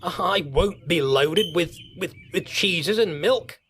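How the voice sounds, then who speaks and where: A man voicing a cheeky, boastful young male tank engine, excitable and stammering when flustered, in a storybook reading. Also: sits high, slow, background noise. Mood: indignant. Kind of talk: storybook character voice. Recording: loud music underneath.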